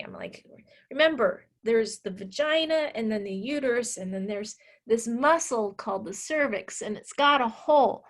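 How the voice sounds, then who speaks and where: A woman teacher telling a class story in an animated, blunt and candid way. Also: fairly high pitch, moderate pace. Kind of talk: storytelling lecture.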